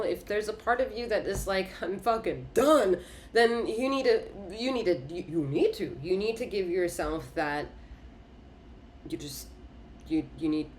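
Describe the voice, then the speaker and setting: A woman's voice: low voice, slight background noise. Emphatic woman giving a tarot reading. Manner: emphatic, repetitive, swears and laughs often. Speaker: tarot reader.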